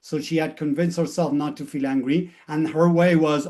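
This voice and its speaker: A man's voice: on the high side, steady tone, moderate pace, few pauses, warm tone. A man speaking as a mindset coach in an explanatory motivational talk, walking through what happens in his one-on-one sessions and retelling them as quoted dialogue.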